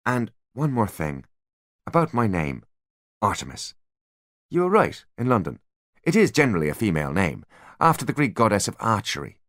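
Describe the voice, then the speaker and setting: A man doing a calm, smug teenage genius. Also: on the low side, moderate pace, pauses often, no echo, clean studio sound, voice pushed up. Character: cool, calculating teenage boy genius.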